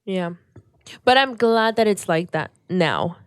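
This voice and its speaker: A woman's voice: mid-range voice, sing-song, slow pace, clean tone, no room sound. A woman in the middle of her range, co-hosting a casual podcast. She speaks candidly and pokes fun at herself. The sound is dry and close to the mic. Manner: candid, self-deprecating. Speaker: podcast co-host. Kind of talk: casual chat.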